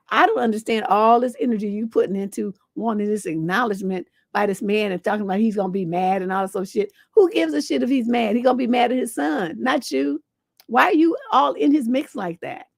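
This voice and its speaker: A woman's voice: fairly high pitch, creaky, darkish tone, dry recording. A woman relationship coach on a livestream advice show, giving blunt, scolding advice with rhetorical questions and salty language.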